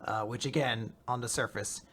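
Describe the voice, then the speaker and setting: A man co-hosting a manga podcast, chatting casually, teasing his co-host and reacting with quick exclamations. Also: mid-range voice, fairly even intonation, a bit bright, breathy edge. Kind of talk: casual chat.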